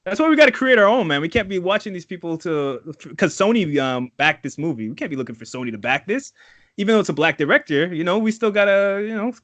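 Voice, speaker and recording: A man from Trinidad co-hosting a casual podcast, animated and profane, acting out quotes. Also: high-pitched, fast, dry recording. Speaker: podcast co-host. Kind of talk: casual chat.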